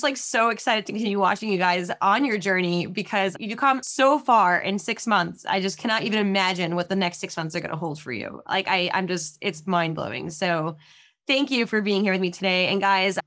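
A woman's voice: mid-range voice, fairly quick, a bit bright. A woman business coach hosting a casual podcast interview over a video call, effusive and emotional, rambling a little.

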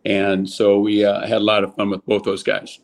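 An older man from California, a former baseball player, telling lively stories in a casual interview and acting out the quotes. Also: moderate pace. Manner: animated storyteller, acts out quotes with raised pitch.

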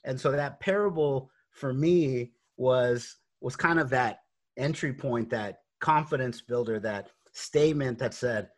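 A man's voice: mid-range voice, measured pace. A man speaking as an interview guest, earnest and faith-driven, telling his story with many fillers and restarts. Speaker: guest, real estate investor.

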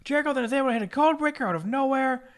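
A man's voice: extremely high pitch, animated, rapid-fire. A man co-hosting a casual podcast, recapping a wrestling match move by move with joking asides. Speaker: podcast co-host.

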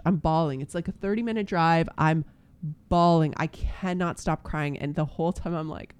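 A man, a pastor, telling a personal faith story in casual chat, earnest and halting with many fillers and restarts. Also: on the high side, clean tone, dry recording.

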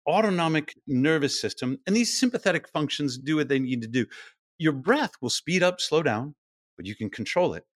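Animated middle-aged man explaining. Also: mid-range voice, no room sound, studio quality. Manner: lively, acts out voices in quotes. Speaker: podcast guest. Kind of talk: explanatory interview talk.

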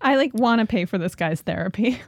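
A woman's voice: a little high, expressive, brisk, no echo, clean studio sound. A woman co-hosting a casual podcast chat, dramatic and prone to swearing. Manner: dramatic, swears, shrieks when retelling. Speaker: podcast co-host. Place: New England woods trip, indoors.

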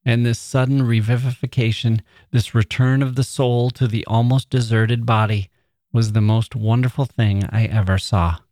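A man reading a classic short story aloud in a measured, expressive way. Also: on the low side, dry recording, clean studio sound. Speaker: podcast host and reader.

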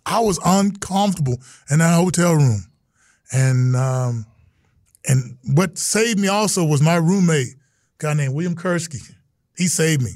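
A middle-aged man, a guest in an interview, telling stories in a lively way and acting out the quotes. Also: on the high side, a little slow, no room sound, studio quality. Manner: animated storyteller, acts out quotes, exclamations. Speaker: interview guest, retired football player. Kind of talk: casual interview storytelling.

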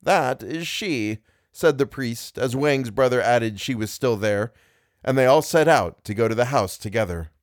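A man reading a classic tale aloud as podcast narrator, in a measured storytelling manner. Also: mid-range voice, no echo, clean studio sound.

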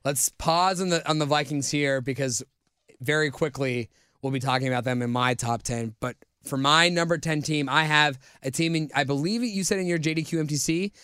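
A man with a smooth, resonant, slightly higher voice co-hosts a casual sports chat. He is talkative and gives longer explanations. The sound is dry and close. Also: normal speed, pushed and bright, no room sound. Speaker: co-host.

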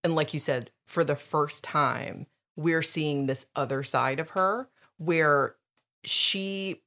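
A woman's voice: low voice, slow, fairly bright tone. A woman co-hosting a podcast in casual book chat, emphatic, swearing freely and laughing often. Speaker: podcast co-host.

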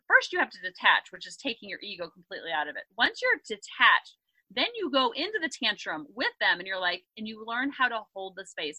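A woman in her thirties, a parenting coach and podcast guest, explaining her approach in a lively conversational way, often acting out quotes. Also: a little high, no echo, poor audio. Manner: upbeat, animated storytelling with acted quotes. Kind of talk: conversational interview.

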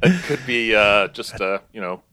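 Male podcast co-host, low voice with a lively up-and-down delivery, dry close mic. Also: moderate pace, no room sound. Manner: wry, animated when reading lists. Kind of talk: casual chat. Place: home office.

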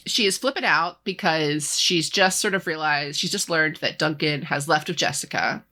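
A woman co-hosting a podcast, chatting casually about a book and acting out the characters in quick asides. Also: low voice, sharp tone. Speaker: podcast co-host. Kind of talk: casual chat recapping a book.

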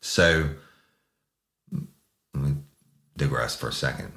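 A man's voice: very deep voice, slow, sharp tone, reverberant. A man casually telling a true crime story as a podcast host, profane and rambling, full of restarts.

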